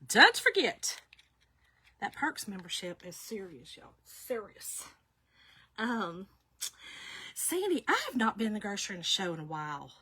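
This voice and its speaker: A woman, chatting casually on a live stream, laughing often and greeting viewers by name in a warm, folksy way. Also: mid-range voice, expressive, moderate pace, slightly rough, no echo. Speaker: live-stream shirt maker.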